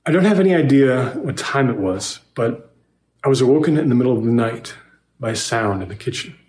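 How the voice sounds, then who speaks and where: A man narrating a first-person horror story in a measured, scripted way, recorded with a roomy echo. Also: medium pitch, animated, a little mellow.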